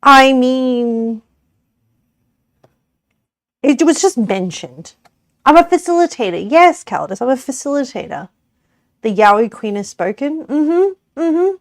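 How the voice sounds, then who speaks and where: A woman's voice: sits high, big pitch swings, slow, pauses often, dry recording, studio quality. An Australian woman streamer chatting casually with her viewers while cooking, giggly and rambling, often correcting herself.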